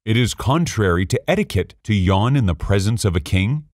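A man's voice: lowish voice, lively intonation, moderate pace, a little mellow, no echo, studio quality. A man voicing a proud old king in a storybook reading, pompous and commanding.

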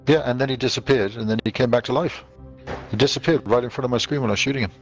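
A man in a gaming group talking casually with quick, excited reactions to the match. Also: medium pitch, highs cut off, faint music behind.

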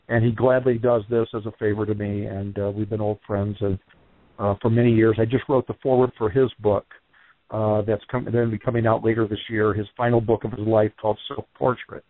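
A man's voice: fairly low pitch, no room sound. A man who trains wrestlers, guesting on a radio interview and telling rambling stories full of fillers. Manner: rambling, lots of fillers, animated storytelling. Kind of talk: casual radio interview over the phone. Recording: tinny phone line, dry.

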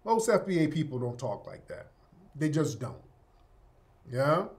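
A man's voice: on the high side, very animated, a little slow, a little mellow. A male host giving opinionated commentary, sardonic and emphatic, often tagging his points with "yeah?".

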